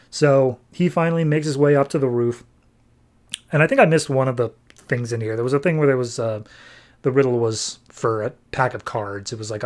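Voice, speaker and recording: A man's voice: mid-range voice, a little fast, darkish tone. A male podcast host recapping a comic in a wry, chatty way.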